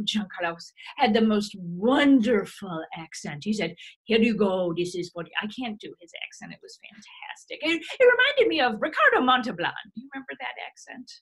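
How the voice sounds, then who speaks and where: A woman's voice: a little high, breathy edge, full character voice. A woman putting on a saucy old grandma. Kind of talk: improvised comedy scene. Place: home video call.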